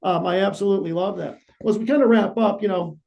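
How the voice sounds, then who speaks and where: A man hosting a podcast interview, explaining things in a steady way with lots of "you know". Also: high-pitched, fast talker, vocal fry, lo-fi sound. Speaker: podcast host.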